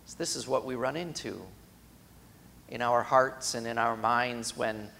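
A male pastor preaching a sermon, swinging between emphatic raised cries and quiet, hushed lines, and acting out imagined quotes in a chatty voice. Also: mid-range voice, unhurried, vocal fry, big-room sound, slight background noise.

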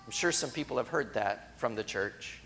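A man's voice: mid-range voice, lively intonation, moderate pace, a bit bright, slight background noise. A man preaching a sermon in a conversational storytelling way that builds to emphatic moments.

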